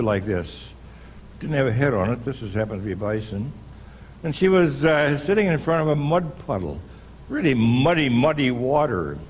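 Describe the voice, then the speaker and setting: An older American pastor preaches in a church, letting his story unfold slowly with pauses and small restarts. His voice sits at an ordinary middle pitch. A faint hum of room ambience lies under it. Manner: unhurried storyteller, pausing and restarting. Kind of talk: sermon storytelling.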